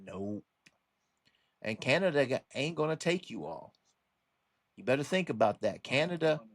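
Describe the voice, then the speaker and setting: A man's voice: mid-range voice, big pitch swings, moderate pace, no room sound. A man delivering a rambling casual monologue for his online channel, full of restarts and a warning tone. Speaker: religious commentary vlogger.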